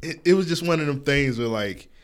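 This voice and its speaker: Animated young host. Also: male voice, a little high, fairly quick, clear, resonant tone. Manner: animated, storytelling, profane. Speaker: podcast host. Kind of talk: casual chat.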